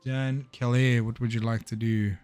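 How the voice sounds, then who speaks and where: A man's voice: medium pitch, flat delivery, normal speed, darkish tone, clean tone, soft background music. Casual young man running a tabletop game. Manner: casual, upbeat, filler-heavy narration. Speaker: game master.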